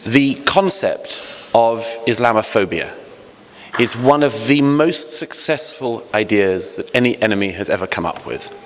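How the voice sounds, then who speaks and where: A man's voice: on the low side, animated, a little slow, slight background noise. A British man giving a conference panel speech, earnest with hesitant restarts and wry humor, into a podium microphone. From Britain. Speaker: panel speaker. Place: large hotel conference hall. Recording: echoey hall, faint ambience.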